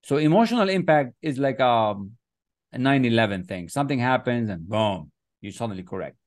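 A man leads a motivational masterclass with a middle-pitched voice, pressing his points with emphasis. He chants short affirmations over and over, and the sound is dry and close. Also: animated, fairly quick, no room sound. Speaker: success coach. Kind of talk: motivational teaching. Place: online class, writing on screen with a mouse.

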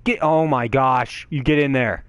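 A young man giving excitable gameplay commentary, swearing and yelling at the game. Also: mid-range voice, a little slow, clear, resonant tone, no room sound. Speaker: gaming channel host.

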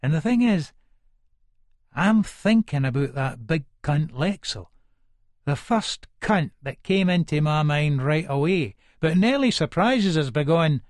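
A man's voice: fairly high pitch, animated, unhurried, no echo, studio quality. An actor with an Edinburgh Scots accent narrating as a volatile, foul-mouthed Leith man in middle age, in a full-cast audiobook. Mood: menacing. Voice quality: coarse, swearing, menacing. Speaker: first-person narrator.

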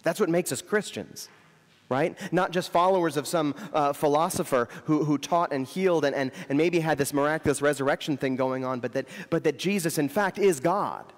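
A man's voice: on the high side, normal speed, long reverb tail. A man preaching an Easter sermon in a church, conversational in tone and repeating words for emphasis. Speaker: Episcopal priest preaching.

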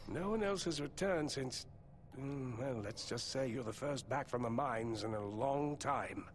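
An actor playing a weary male villager in a role-playing game, speaking in a husky, hesitant, measured way. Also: medium pitch, natural voice. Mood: impressed.

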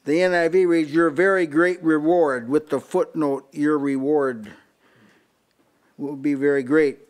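An older man preaches a Bible-study sermon to a small house-church group, comparing one version of scripture after another. His slightly high, darkish voice is unhurried with fairly even intonation, and he stumbles over repeated words while reading.

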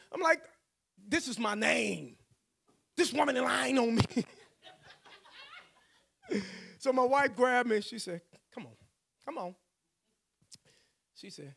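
A man's voice: high-pitched, creaky, fairly bright tone. A male pastor, telling a personal story in a sermon, acting out the voices he quotes and laughing often.

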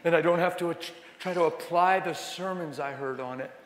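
A middle-aged man gives a storytelling sermon at a conference, talking like a friend and swinging between hushed moments and loud bursts. His voice sits a little high for a man. The sound rings around a large hall with a long, roomy reverb. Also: brisk, a little hiss or hum. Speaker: conference speaker.

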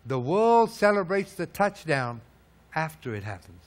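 A man preaching a sermon, firing rhetorical questions and swinging from loud peaks to low, hushed lines. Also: sing-song, measured pace. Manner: emphatic, hammering rhetorical questions.

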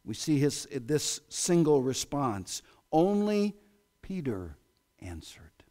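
Animated American preacher, lively pitch. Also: male voice, slow pace. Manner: animated preaching, voice swinging from loud exclamations to hushed asides. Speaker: pastor. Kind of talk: sermon. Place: church sanctuary.

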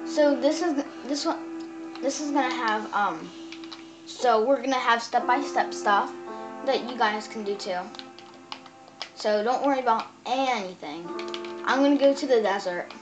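A woman's voice: fairly high pitch, measured pace, pauses often. A woman hosting a casual game tutorial, chatty and bossy as she explains and shushes a friend. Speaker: gaming channel host. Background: background music.

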